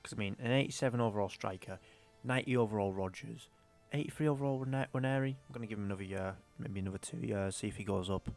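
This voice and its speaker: Brief: young man, lower-pitched, rambling gaming commentary, faint music under it. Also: fast, creaky, darkish tone. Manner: chatty, rambling, mildly exasperated. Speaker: gaming YouTuber. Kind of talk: casual career-mode commentary.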